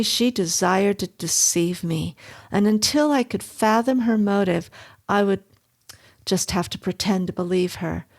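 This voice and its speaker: Woman horror narrator, slow and suspenseful, gravelly low end. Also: a little mellow. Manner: measured, suspenseful reading.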